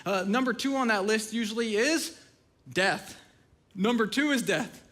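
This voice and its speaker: A man's voice: sits high, measured pace, fairly bright tone. A man preaching a sermon from a church stage, telling funny stories with self-deprecating asides. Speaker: pastor.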